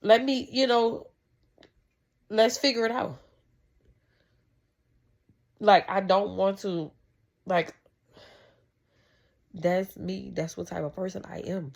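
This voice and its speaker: A woman's voice: mid-range voice, fairly even intonation, slow, gravelly, long pauses. A woman vlogger talking casually about faith and family, rambling and heartfelt, with many restarts. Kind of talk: casual faith talk to camera.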